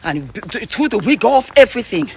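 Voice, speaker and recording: A woman vlogger, out of breath and shaken, telling an excited story while walking outdoors, stumbling and repeating her words. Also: fairly high pitch, fairly quick, a little hiss or hum.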